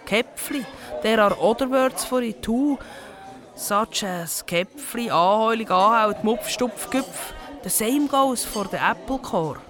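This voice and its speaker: Woman, Swiss German accent, comic monologue, mock-serious, lively shifts of tone. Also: a little high, slow, over music. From Switzerland. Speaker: comedian.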